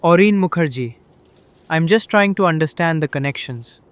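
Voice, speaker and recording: A woman voicing a curious, wry young male journalist who speaks politely and quickly. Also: low-pitched, lively intonation.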